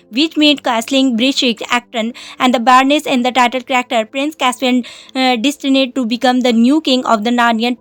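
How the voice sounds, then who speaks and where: A woman reading a scripted film commentary, halting often with "uh" pauses. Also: on the high side, fairly bright tone, no room sound. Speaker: narrator.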